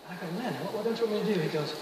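High-voiced pastor preaching in an echoey hall. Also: male voice, very fast. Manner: animated storytelling with acted quotes. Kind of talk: sermon. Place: large church hall. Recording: echoey hall, from far off, noisy.

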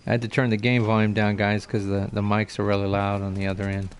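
A man's voice: lowish voice, completely flat delivery, quick pace, a little hiss or hum. A man streaming a game live, chatting casually and greeting viewers by name on a desk mic. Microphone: desk mic, no headset.

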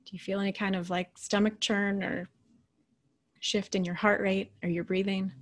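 A woman in her thirties or forties giving a motivational talk as a keynote speaker, telling a personal story in a conversational, animated way with quiet, hushed asides. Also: mid-range voice, moderate pace. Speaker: keynote speaker and leadership coach.

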